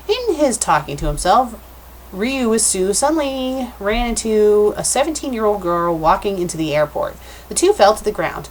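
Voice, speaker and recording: Woman critic reading fanfic aloud, mid-pitched, self-correcting, wry comments. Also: big pitch swings, moderate pace, a little hiss or hum. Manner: self-correcting, breaks off with joking asides. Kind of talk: comedic dramatic reading with commentary.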